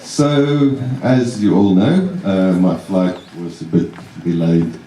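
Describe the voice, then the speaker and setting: A young man giving a best man's wedding speech, halting and self-deprecating, chuckling along with his own jokes. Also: deep voice, expressive, background noise. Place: wedding reception room. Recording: roomy echo, mic at a distance.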